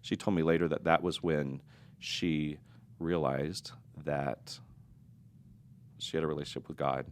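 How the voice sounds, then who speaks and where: A man's voice: a bass voice, steady tone, unhurried, long pauses. A middle-aged man telling his own story in an earnest, confessional and reflective way during a podcast interview.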